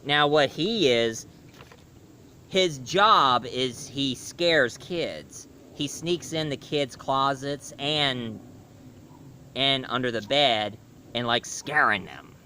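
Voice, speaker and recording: Male reviewer, casual rambling retelling, bright clear tone, faint noise behind. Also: mid-range voice, slow, long pauses. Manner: rambling plot retelling with fillers. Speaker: cartoon reviewer.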